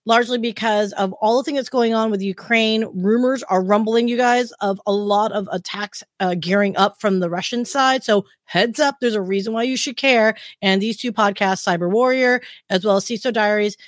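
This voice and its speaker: A woman from Southern California hosting a podcast in an upbeat, chatty way, giving shout-outs. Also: medium pitch, moderate pace, few pauses, no echo, clean studio sound. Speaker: podcast host. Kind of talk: casual podcast chat.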